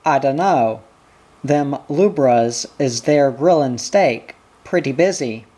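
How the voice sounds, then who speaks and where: A frightened man from the outback pleads his innocence in broken, halting English, as a reader puts him on. His speech comes slowly, full of restarts and repeated words. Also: mid-range voice, dark tone, slightly rough. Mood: pleading. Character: frightened male outback stockman accused of murder.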